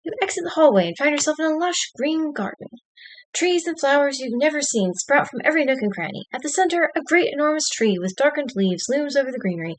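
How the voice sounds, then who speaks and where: A woman's voice: high-pitched, lively intonation, fast talker. A woman streamer reading an interactive story aloud, dropping wry, dry asides between passages.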